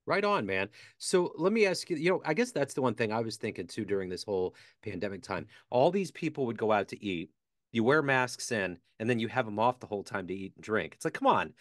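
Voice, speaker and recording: A man's voice: on the low side, lively intonation, fairly quick, no echo, clean studio sound. A man hosting a casual interview, friendly and rambling, often trailing off mid-thought. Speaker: interview host.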